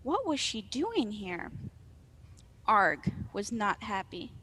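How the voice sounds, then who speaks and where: A woman reading a children's story aloud in an expressive, playful way. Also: mid-range voice, slow, husky.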